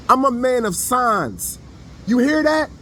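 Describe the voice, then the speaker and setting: A man with a high, light voice talks straight to his audience in a casual opinion monologue. His delivery is blunt and preachy, full of everyday slang. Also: a bit bright, slight background noise. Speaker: online commentator.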